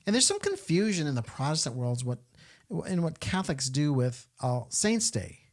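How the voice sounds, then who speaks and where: Male podcast host, lively higher voice, casual and questioning. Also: normal speed. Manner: animated, rhetorical questioning with many fillers. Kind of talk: casual Catholic podcast chat.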